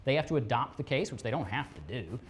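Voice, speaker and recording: Detective teaching a class, highly animated, swooping pitch, quizzes the room, slips into scammer voices. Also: slight background noise. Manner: animated, fires rhetorical questions at the audience; acts out scammers' lines in quick put-on voices. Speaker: police fraud detective. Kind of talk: lively classroom presentation. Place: presentation room with a live audience.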